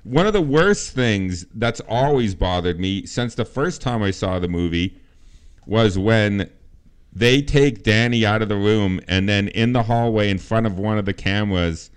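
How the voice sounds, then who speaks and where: A man's voice: lowish voice, animated, measured pace, smooth. A man co-hosting a casual film podcast, talking emphatically, swearing often and repeating himself. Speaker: podcast co-host.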